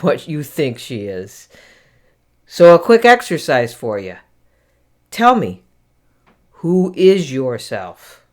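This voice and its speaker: A solo podcast host who talks slowly and thoughtfully, explaining ideas to listeners. The manner is self-deprecating and unhurried, with pauses to find the right word. The pitch sits at a middling level. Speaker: podcast host teaching Buddhism. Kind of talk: reflective solo podcast talk.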